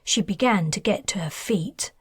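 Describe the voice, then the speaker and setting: A woman, the author, reading her science fiction audiobook in a measured, even manner. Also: mid-range voice, slightly rough, no room sound, studio quality. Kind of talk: scripted audiobook narration.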